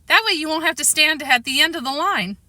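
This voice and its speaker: A woman's voice: high voice, animated, fairly quick, bright, forceful tone, no echo, pitched above the performer's own voice, heavily acted. A woman voicing a sweet, confident preteen girl in a children's storybook reading.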